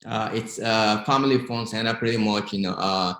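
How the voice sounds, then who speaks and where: Nigerian man, low voice, roomy sound. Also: normal speed, a bit bright. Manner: hesitant, many fillers and restarts. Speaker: guest physician. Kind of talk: casual interview.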